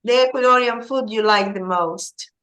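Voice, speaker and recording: A woman teaching an English lesson, slowly explaining words with glosses. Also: fairly high pitch, a bit bright. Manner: slow, patient, explaining vocabulary with Spanish glosses.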